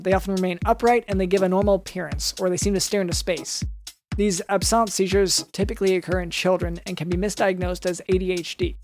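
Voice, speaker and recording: A man who is a doctor hosting a comedy podcast, reading medical notes with hesitant fillers between jokes. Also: high-pitched.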